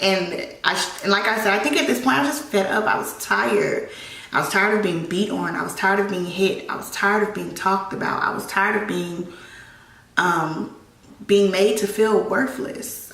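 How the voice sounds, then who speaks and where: A woman vlogger shares a personal story while getting ready. Her delivery is raw and halting, full of restarts and repeated phrases. The mic sits some way off in a room with a lot of echo. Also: on the low side, a bit bright. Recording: echoey room, mic at a distance.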